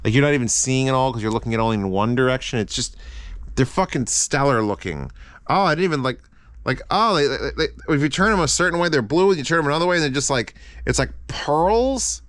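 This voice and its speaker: A man's voice: medium pitch, lively intonation, quick pace, fairly bright tone, no echo. A man casually reviewing earphones, rambling and swearing with frequent restarts. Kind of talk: casual unscripted product review.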